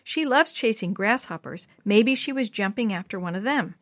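A woman voicing a sad little girl who misses her lost cat, soft and downcast. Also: mid-range voice, expressive, moderate pace, no echo, clean studio sound, close to an everyday voice.

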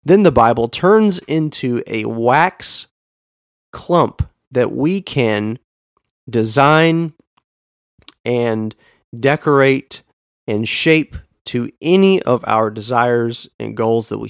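Man, podcast host, earnest teaching tone, punches key words, mid-range pitch, dry close sound. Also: lively intonation, slow pace, creaky, clear, resonant tone, dry recording. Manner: earnest, stresses words for emphasis. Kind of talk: scripted teaching monologue.

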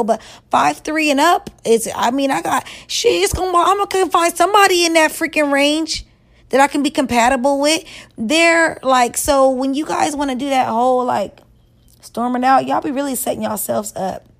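A woman vlogger giving relationship advice in a blunt, profane, scolding rant, stretching words and jumping up in pitch for emphasis. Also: moderate pace, vocal fry. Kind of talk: casual rant to camera.

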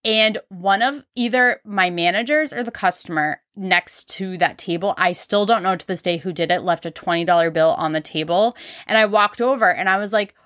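Young woman podcaster, candid chatty storyteller, bright tone, dry studio sound. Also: medium pitch, normal speed, no room sound. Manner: candid, frequent "like" fillers. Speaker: podcast host. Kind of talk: casual storytelling.

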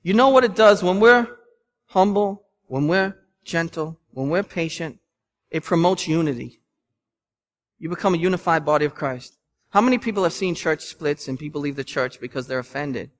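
A pastor in his thirties preaching in a church, his voice sitting a touch high for a man. He talks with earnest emphasis, moving between gentle, quiet appeals and loud, driving bursts. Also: moderate pace. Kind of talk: sermon. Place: church sanctuary.

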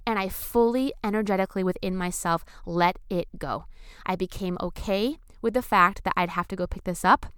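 A woman talking casually and enthusiastically to her viewers about surrender and manifestation, with casual swearing and bursts of excitement. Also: mid-range voice, normal speed, smooth, no echo, clean studio sound. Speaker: spiritual vlogger. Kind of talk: casual spiritual talk to camera.

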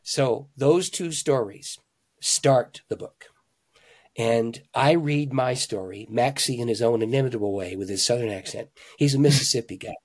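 A husky-voiced man speaking at a middle pitch, a pastor telling stories as a guest in a conversation. He talks with lively emphasis, rising and getting louder at the key points, then dropping low and quiet. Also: moderate pace. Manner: animated, emphatic, jumps between loud and hushed. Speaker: pastor and author, interview guest. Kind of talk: conversational storytelling.

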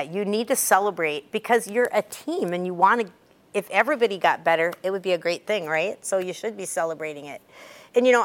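Chatty middle-aged woman cheer coach. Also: lowish voice. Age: 50s. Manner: lively, chatty storyteller with sudden bursts of emphasis. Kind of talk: coaching talk to a group of athletes.

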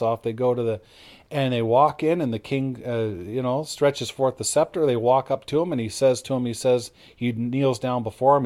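A middle-aged man teaches from the Bible in an informal, sermon-like way. His pitch sits in the middle range. He tells his story casually, acting out the quoted lines and often stopping to restart a phrase. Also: a little mellow.

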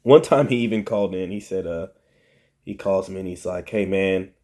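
A man's voice: low-pitched, a little fast. A middle-aged man hosting a podcast, telling a casual story and acting out what other people said. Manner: animated, acts out quoted voices, frequent restarts. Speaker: podcast host.

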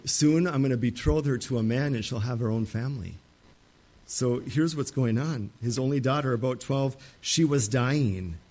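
A middle-aged male pastor preaching a sermon, dramatic and acting out the pleas of Bible figures. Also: mid-range voice.

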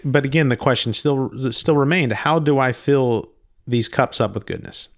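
A man telling of a spiritual experience in a slow, reflective monologue, often stopping and restarting his sentences. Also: medium pitch. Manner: halting, frequent restarts; slow, thoughtful delivery. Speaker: speaker recounting a spiritual experience.

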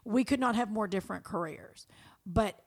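A woman from Kentucky with a Southern American accent, co-hosting a podcast in an animated, folksy, casual chat. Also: mid-range voice, normal speed. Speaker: podcast co-host.

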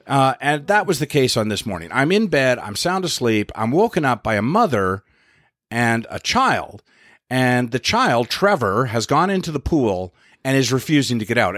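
A middle-aged man hosting a podcast, telling stories in a wry, profane, animated way. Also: mid-range voice, normal speed, no echo, clean studio sound. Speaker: podcast host and comedian. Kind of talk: casual storytelling chat.

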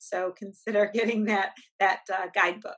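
A woman's voice: medium pitch, fairly even intonation, normal speed, a bit bright. A woman co-hosting a podcast as a coach, talking in an earnest, encouraging way and often repeating words. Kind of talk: casual podcast chat.

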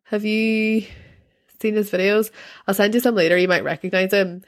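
A woman's voice: mid-range voice, steady tone, normal speed. A woman who is a mother of a toddler, telling a story in casual chat. She talks in a rambling, filler-heavy way and laughs often. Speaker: podcast co-host, mother of a toddler.

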